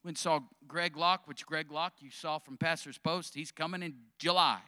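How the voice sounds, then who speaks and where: A man's voice: a little high, steady tone, moderate pace, pushed and bright. A male pastor preaching a sermon, calling out questions to the congregation.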